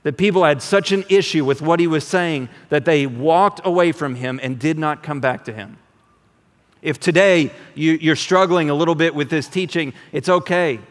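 A man preaching a sermon as pastor in a conversational, animated way, often repeating words as he restarts. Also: fairly high pitch, moderate pace, big-room sound.

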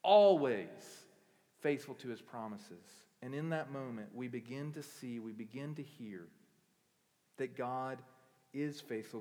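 A man preaching a sermon as pastor, moving between quiet reflective passages and loud impassioned peaks. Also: mid-range voice, big-room sound.

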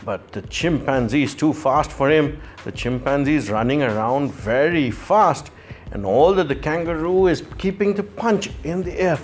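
A man's voice: on the high side, normal speed, soft background music. A man telling a playful children's story in the manner of a boxing commentator.

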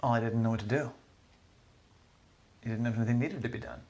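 A man narrating an improvised children's story in a soft, low-key way, with small restarts. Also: fast talker.

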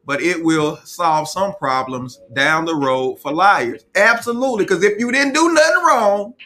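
Bright-voiced man reading out comments. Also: high voice, measured pace. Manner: reads comments aloud, then gives firm opinions. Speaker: host reading viewer comments. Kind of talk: casual live chat.

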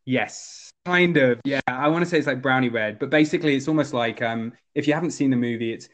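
A man's voice: mid-range voice, a little fast, fairly bright tone. A man chatting casually about movies, animatedly retelling scenes and acting out the characters.

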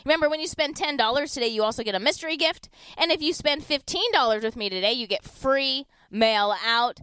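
A woman hosting a live radio shopping show, pitching deals in a chatty, upbeat way and reading out the phone number slowly. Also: sharp tone, clear, resonant tone, dry recording. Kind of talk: live radio deal segment with callers.

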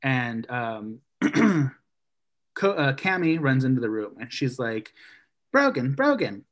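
A man co-hosting a casual podcast, retelling a story in an animated way and acting out the characters' lines. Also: mid-range voice, moderate pace.

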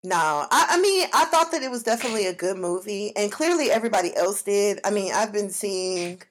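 A young woman from Africa co-hosting a casual podcast. She talks candidly and loosely, full of slang, with a middling pitch. She laughs easily between her stories. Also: expressive, fairly quick. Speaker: podcast co-host. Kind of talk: casual chat.

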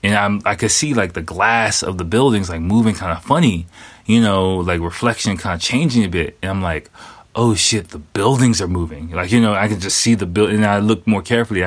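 A man with a notably deep, low voice tells a personal story off the cuff. He rambles, restarts and drops curse words and fillers all the way through, in plain casual talk. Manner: rambling, profane, many fillers.

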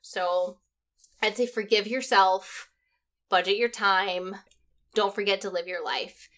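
A woman's voice: mid-range voice, steady tone, slow, fairly bright tone. Chatty woman podcast co-host. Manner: chatty, laughs easily, frequent "like". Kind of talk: casual podcast chat.

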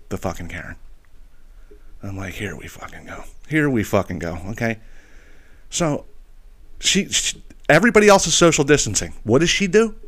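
A man's voice: mid-range voice, fairly bright tone. A man hosting a podcast, telling a story as a profane, exasperated solo rant and checking in with listeners with a constant "okay?". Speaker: podcast host.

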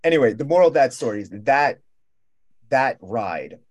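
A man's voice: medium pitch, moderate pace. Profane rambling storyteller, young man. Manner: rambling, profane, animated storytelling with quoted dialogue. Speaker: roundtable guest. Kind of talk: casual storytelling.

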